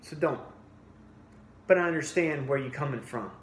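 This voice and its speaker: A man's voice: a little high, normal speed. A man in his forties giving a blunt, heated opinion rant for his fitness vlog, often restarting and repeating himself. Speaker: fitness vlogger. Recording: echoey room with faint ambience.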